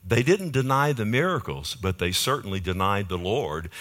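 Very animated, this pastor preaches at a moderate pace in a lowish, fairly bright voice at his Fort Worth church. He's emphatic, and he checks in with the congregation through repeated "amen?" asides.

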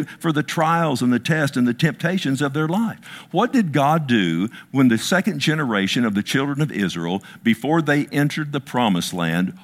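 A middle-aged man, a pastor, preaching a sermon and asking his congregation for responses. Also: a little high.

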